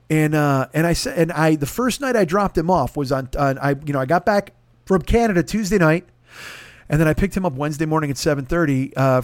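A man's voice: fairly high pitch, no room sound. A man hosting a podcast, telling a long story in a casual, profane and exasperated way. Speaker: podcast host.

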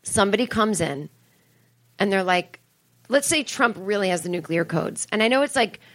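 A woman's voice: mid-range voice, lively intonation, moderate pace, fairly bright tone. A woman comedian talking to a live crowd on a club stage, rambling and acting out the people she quotes. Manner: rambling, acts out quoted voices. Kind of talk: live stand-up crowd talk.

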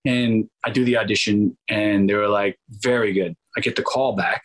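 Man, low husky voice, acts out quoted people, rambling guest stories. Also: steady tone, normal speed, rough recording. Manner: acts out quoted voices, many restarts and asides. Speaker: actor guest. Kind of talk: animated storytelling in an interview.

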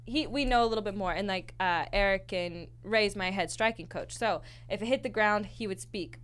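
A woman guest telling fight stories in casual chat, blunt and quick to laugh, swearing freely. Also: mid-range voice, a bit bright, clear, resonant tone. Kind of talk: casual storytelling.

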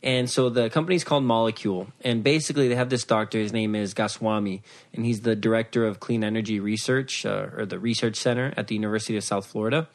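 A man co-hosting a casual podcast chat, rambling and correcting himself, getting animated when he jokes. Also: on the low side, quick pace, hardly any pauses. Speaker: podcast co-host. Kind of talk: casual chat with a sponsor read.

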